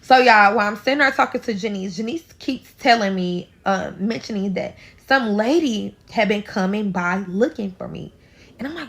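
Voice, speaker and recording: Addressing her audience as y'all and cursing without restraint, a St. Louis woman with the local accent recounts a personal story in dramatic, casual storytime fashion. She speaks at a moderate pace in an expressive, medium-pitched voice with a slightly bright quality.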